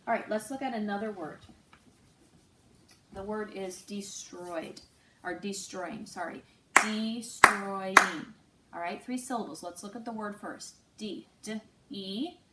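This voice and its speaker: A woman teacher giving a slow, patient online phonics lesson, spelling out letters and sounds. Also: medium pitch. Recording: roomy, distant mic with faint noise.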